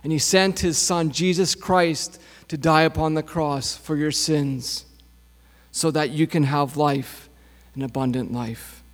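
A man preaching a sermon as pastor, with a slow, repetitive preaching cadence. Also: on the high side, fairly even intonation. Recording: long hall reverb.

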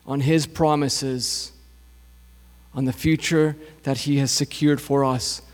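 Slow-preaching man in a reverberant hall. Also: fairly high pitch. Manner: slow, repetitive preaching cadence. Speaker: pastor. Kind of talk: sermon.

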